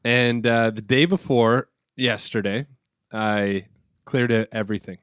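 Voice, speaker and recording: Pastor dude cohosting a podcast, laid back and rambly, dry sound. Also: male voice, medium pitch, a little slow, smooth, dry recording. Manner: relaxed, rambling storyteller. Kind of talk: casual podcast chat.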